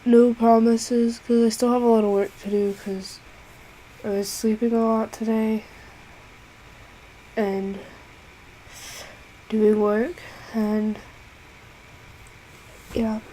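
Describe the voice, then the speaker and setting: A young woman with a cold, her voice hoarse and stuffed up, dragging through a casual vlog with slow, halting speech. Her tone is soft and mellow, and faint noise hums in the background. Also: fairly high pitch, flat delivery, low-quality recording. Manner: weary, halting, with many pauses and fillers. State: sick, congested and hoarse. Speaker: vlogger.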